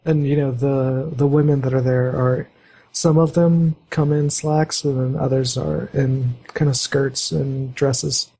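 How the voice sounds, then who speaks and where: A man runs a tabletop game as its game master. His voice is gravelly and husky, with a dark, mellow tone. He narrates haltingly, with plenty of fillers as he feels his way along. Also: mid-range voice, fairly even intonation, low-quality recording. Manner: halting, many fillers, voices NPCs lightly.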